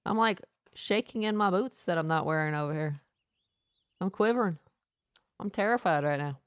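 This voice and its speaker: A woman's voice: fairly low pitch, normal speed, clean tone, no room sound. A woman streaming a game live, playfully reading the game's text aloud with asides.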